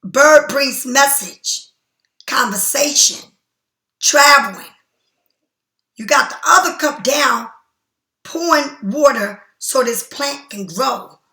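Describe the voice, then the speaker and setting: A woman's voice: high voice, slow pace, pauses often, bright, forceful tone, reverberant. A woman giving a casual tarot reading straight to the viewer, repeating herself for emphasis as she offers spiritual encouragement. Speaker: tarot card reader.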